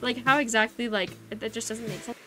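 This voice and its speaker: A young woman streams a game and chats casually with her viewers, rambling and giggling and often cutting herself off mid-thought. Her fairly high voice holds a steady tone at a quick pace. She talks into a desk microphone with game music playing behind her.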